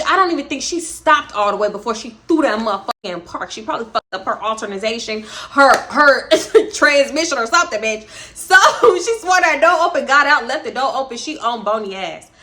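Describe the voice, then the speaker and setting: A young woman telling a storytime vlog, animated and profane, breaking into laughter. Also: high-pitched. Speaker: vlogger, storytime host.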